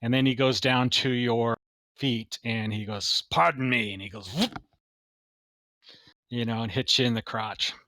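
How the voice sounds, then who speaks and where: A man narrating as game master in a tabletop game, with a slow pace and many "uh" fillers. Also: mid-range voice, flat delivery, pushed and bright, dry recording.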